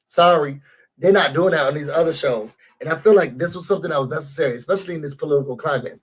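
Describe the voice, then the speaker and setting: A man recapping and ranting about a reality show episode for his channel, animated and addressing viewers directly. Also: a little high, fast talker, breathy edge. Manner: animated, talks straight to viewers. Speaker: YouTube show reviewer. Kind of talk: casual recap rant.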